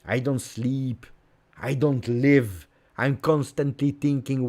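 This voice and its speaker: Guy streaming a live football watch-along, fed up and ranting, says stuff over and over, mid-pitch voice. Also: steady tone, slow pace, a little mellow. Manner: exasperated ranting with many repetitions.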